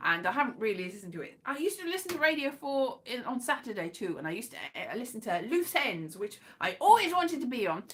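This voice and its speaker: A woman's voice: a little high, sing-song, brisk, hardly any pauses. A British woman, a comedian, chatting casually to her live-stream viewers, rambling and self-mocking, now and then breaking into sung phrases. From Britain.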